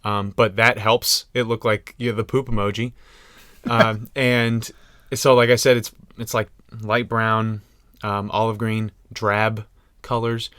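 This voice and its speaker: A man's voice: on the low side, flat delivery, a little slow, a bit bright, smooth, dry recording. Joking young man on a dry close mic. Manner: joking, rambling, laughs often. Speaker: podcast co-host. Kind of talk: casual chat.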